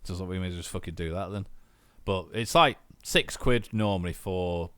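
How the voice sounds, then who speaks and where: Deep-voiced guy chatting on a podcast, deadpan jokes, mumbles off at the ends, dry close sound. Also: a little fast, clear, resonant tone, dry recording. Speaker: podcast co-host. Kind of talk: casual chat.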